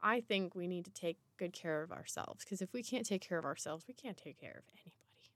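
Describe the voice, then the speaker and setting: Woman podcast host, solo reflective talk, warmly encouraging, pausing often, dry close sound. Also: fairly low pitch, no room sound. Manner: encouraging, unhurried, with pauses and restarts.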